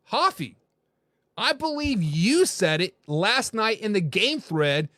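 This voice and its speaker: An animated man hosts a casual sports talk show. His voice sits high and lively, and it sounds close and dry with no room around it. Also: slow, dry recording. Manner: animated, reads viewer comments aloud. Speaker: host.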